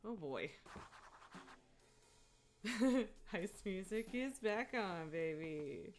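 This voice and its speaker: A woman's voice: fairly low pitch, lively intonation, very slow, pauses often, faint music behind. A woman streaming a story game live, chatting and giggling as she reacts aloud.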